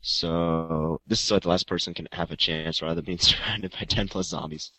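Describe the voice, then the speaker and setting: Deep-voiced man on a gaming podcast. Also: steady tone, fairly quick, bright, forceful tone, a little hiss or hum, low-quality recording. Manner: reads listener mail, jokes around. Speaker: podcast co-host. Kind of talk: casual chat.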